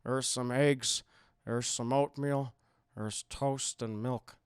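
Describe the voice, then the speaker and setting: A man voicing a menacing, controlling older male captor, speaking slowly and deliberately in a falsely calm way. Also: mid-range voice, smooth, no room sound, studio quality, pitched below the performer's own voice, close to an everyday voice. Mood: ominous calm.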